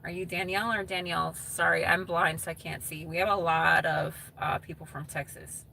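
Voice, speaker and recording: Bright, giggly woman live streamer. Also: on the low side, little pitch movement, a little fast, gravelly, slight background noise. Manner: giggly, chatty, reads comments aloud. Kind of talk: casual live stream chat with viewers.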